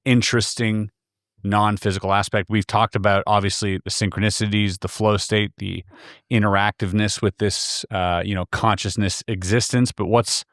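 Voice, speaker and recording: A man's voice: on the low side, flat delivery, normal speed, a bit bright, dry recording, clean studio sound. A man hosting a casual interview podcast, easygoing as he reads out audience questions. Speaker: podcast host.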